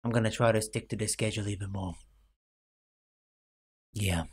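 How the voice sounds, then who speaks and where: A man's voice: on the low side, steady tone, moderate pace, husky. A young man giving rambling, self-mocking commentary over a game late at night, full of fillers, his voice cracking now and then. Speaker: gaming YouTuber.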